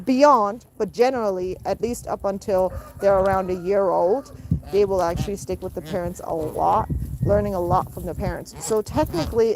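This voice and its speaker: A woman hosting a pet goose channel, explaining bird behavior patiently and breaking into high cooing baby talk with her birds. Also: a little mellow, low-quality recording. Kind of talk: casual narration to camera. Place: outdoors in a backyard with poultry. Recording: outdoor noise clearly audible.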